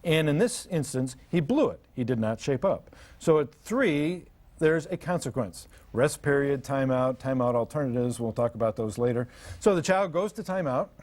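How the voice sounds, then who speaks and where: Speaking at an ordinary pitch and a moderate pace, an older man leads a parenting seminar before a live audience. His humor is dry, and he tells lively stories in which he acts out the words of frazzled parents and misbehaving kids.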